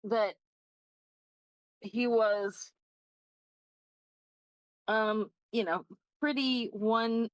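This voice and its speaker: A woman takes part in a tabletop game, thinking aloud in a halting, thoughtful way. Her voice is at a middle pitch. The sound is dry, with no room echo. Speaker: player.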